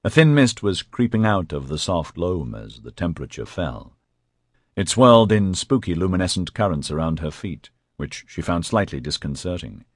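Deep, expressive male audiobook narrator. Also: normal speed, no echo, studio quality. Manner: expressive, dramatic storytelling. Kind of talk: scripted narration.

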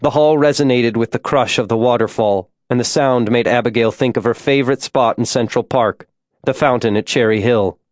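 A man narrating a story in a measured, descriptive reading. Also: mid-range voice, dry recording, clean studio sound. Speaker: audiobook narrator. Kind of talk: scripted narration.

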